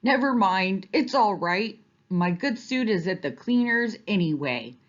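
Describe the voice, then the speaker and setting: A woman's voice: medium pitch, expressive, measured pace, dull audio. A woman voicing a moody male moose who swings between laughing and crying, in a storybook read-aloud. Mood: cheerful. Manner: emotional, wailing and sobbing.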